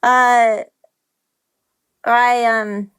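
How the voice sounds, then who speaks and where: A woman's voice: fairly high pitch, little pitch movement, extremely slow, a bit bright, clean tone. A woman being interviewed as a guest on a podcast, speaking candidly and emotionally, close to tears and nervous, with many "like"s and restarts. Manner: emotional and open, lots of "like" and restarts. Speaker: guest, company founder.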